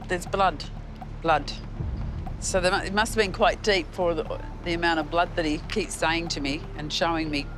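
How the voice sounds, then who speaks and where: A woman psychic, describing her impressions in halting, searching speech. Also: on the low side, fairly even intonation, over music.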